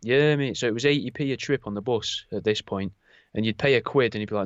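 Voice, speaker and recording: A man's voice: on the low side, fast talker, no room sound, highs cut off. Sweary man telling stories. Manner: animated storytelling, swears freely. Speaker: podcast co-host. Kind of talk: casual chat.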